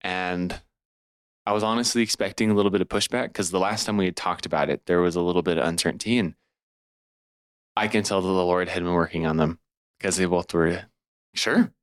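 A young man from California tells a deeply personal story with earnest, heartfelt sincerity. His voice sits low and sounds smooth and clear. The recording is dry and close, with no room sound. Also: steady tone, a little fast, dry recording. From California, USA. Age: 20s. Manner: earnest and heartfelt, laughs at himself. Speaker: podcast guest.

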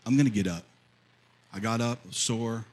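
A man in his fifties preaching a sermon as pastor, telling a story and then rising to loud, fervent preaching. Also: medium pitch, moderate pace, a little hiss or hum, poor audio. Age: 50s.

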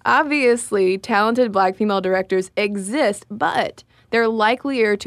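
A woman's voice: mid-range voice, unhurried, few pauses, dry recording. A woman co-hosting a podcast, talking casually and laughing now and then as she talks. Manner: chatty, laughs while talking. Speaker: podcast co-host.

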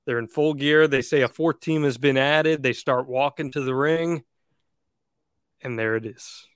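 A man hosting a talk show, his voice smooth and resonant. The sound is close and dry. He walks through events in a measured way that builds suspense. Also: mid-range voice, no echo. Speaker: podcast host. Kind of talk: recapping story in conversation.

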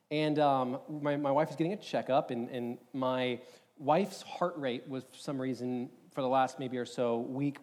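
A young man telling a personal story in a sermon, animated and rambling, with many filler words. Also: mid-range voice. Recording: long hall reverb.

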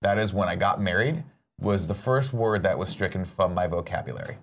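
Joking low-voiced man co-hosting a show. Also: brisk. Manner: jokey, self-mocking, deadpan asides. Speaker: co-host. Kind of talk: casual morning show banter.

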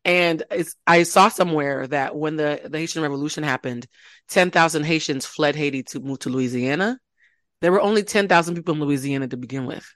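Fast-talking animated podcast co-host. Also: medium pitch, no room sound, clean studio sound. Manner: animated, joking, quick storytelling. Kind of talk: casual chat.

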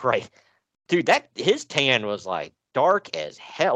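A man co-hosting a casual podcast chat, recapping wrestling shows in an animated, joking way with frequent laughs. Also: takes it slowly, dry recording. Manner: animated, laughing, swearing, jumps in pitch.

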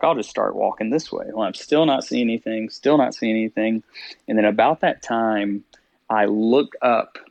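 A man with a lowish voice tells his story as a podcast guest, laughing often and voicing his own thoughts in the moment. The recording is dull, lo-fi and dry, with no room sound. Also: dry recording. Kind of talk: storytelling interview.

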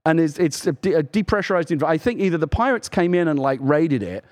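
A man co-hosting a video game podcast, telling animated stories in casual chat and acting out lines. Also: on the high side, fast talker. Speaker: podcast co-host.

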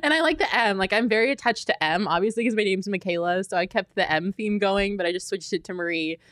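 A woman's voice: medium pitch, quick pace, a bit bright, no echo, clean studio sound. A young woman co-hosting a sports talk show, chatting casually and laughing often. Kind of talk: casual chat.

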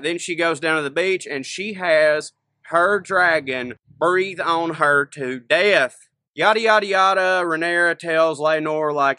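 A man recapping a TV episode in a folksy, jokey way and slipping into quick character voices. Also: a little high, sharp tone, no room sound. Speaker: podcast co-host. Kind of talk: casual comedic recap.

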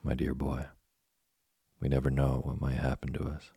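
A man voicing a patient, kind old woodcarver father in a storybook reading, calm and gently lecturing. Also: a bass voice, moderate pace, creaky, slightly rough, dry recording, clean studio sound, full character voice. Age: older.

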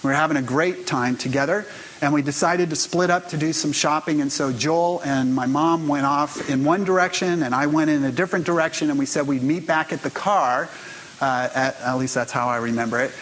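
A man with a voice on the high side gives a sermon. He tells stories in a conversational way and speaks straight to the people listening, over a faint hiss. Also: normal speed, a bit bright, poor audio. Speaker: pastor.

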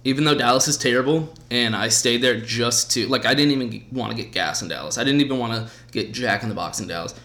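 A man hosting a podcast, telling a story in casual chat with lively, profane energy. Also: medium pitch, fast talker, few pauses. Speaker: podcast host.

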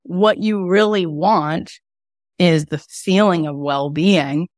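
Emphatic lower-voiced woman teaching a workshop. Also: slow pace, dry recording, studio quality. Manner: emphatic, animated, repeats for effect. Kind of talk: spiritual self-help workshop talk.

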